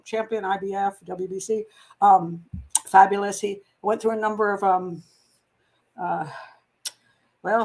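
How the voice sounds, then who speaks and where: A middle-aged woman hosts a casual live stream, her voice sitting a little high for a woman. She rambles in a chatty way, stopping to read out comments from viewers. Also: low-quality recording. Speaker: host.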